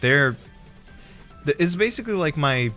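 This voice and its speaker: A man streams a casual chat, joking and rambling and frequently laughing at his own jokes. His voice is fairly high, bright, and forceful, animated at a normal speed, with faint music playing in the background.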